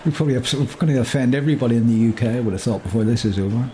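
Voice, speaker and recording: A man's voice: mid-range voice, racing, dark tone, a little hiss or hum. A man reading a story aloud and chatting about it in a jokey way. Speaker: story reader. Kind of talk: casual reading and chat.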